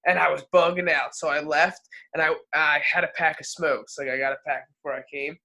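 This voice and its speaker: A young man with a high, bright voice tells stories in loose, slangy podcast banter. He swears freely. He drops into quick character voices for the people he quotes. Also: vocal fry. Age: young adult. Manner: animated, acts out quoted people in funny voices; laid-back slangy talk, profane. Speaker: podcast co-host. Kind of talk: casual storytelling chat.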